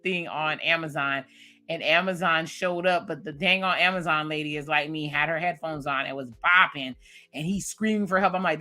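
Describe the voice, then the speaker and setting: A woman's voice: low voice, moderate pace, sharp tone. A woman in her late thirties casually recapping a TV episode, animatedly acting out her own reactions to the scenes. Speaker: TV recap vlogger.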